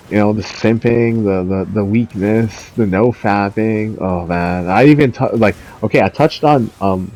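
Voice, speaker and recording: A young man with a warm, medium-pitched voice rants through casual commentary, swearing a lot, laughing, and rambling with plenty of fillers. He's a commentary vlogger, and the audio is dull and lo-fi.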